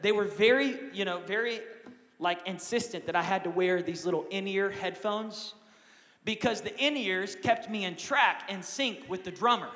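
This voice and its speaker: A young man preaching a lively sermon as pastor, swinging from quiet asides to loud shouts. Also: high voice, moderate pace, long reverb tail. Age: young adult.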